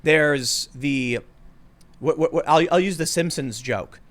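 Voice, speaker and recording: A man hosting a casual political podcast, talking fast and animated, sometimes mimicking voices for jokes, bothered by allergies. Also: on the high side. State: suffering from allergies. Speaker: podcast host.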